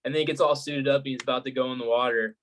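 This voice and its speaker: A young man co-hosting a casual podcast, telling stories in an animated way and laughing easily. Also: medium pitch, rapid-fire, a little hiss or hum, poor audio. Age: young adult. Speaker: podcast co-host. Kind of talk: casual chat.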